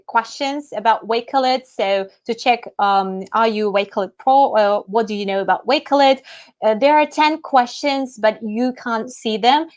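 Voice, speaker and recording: A fairly high-voiced woman hosts a live educational webinar over a video call. She is bubbly, laughs easily and keeps things moving between guests. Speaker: webinar host.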